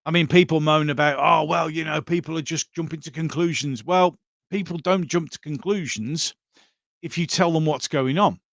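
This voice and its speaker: A man's voice: a little high, fairly bright tone, no echo. Rambling male live-stream host, dry sound. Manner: rambling, with many fillers and restarts. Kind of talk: casual live chat reading viewer comments.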